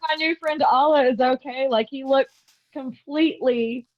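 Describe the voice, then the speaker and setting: A woman playing a tabletop game describes her character's actions with eager earnestness. Her voice sits a touch higher than average. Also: moderate pace, highs cut off. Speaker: player. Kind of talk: casual tabletop play.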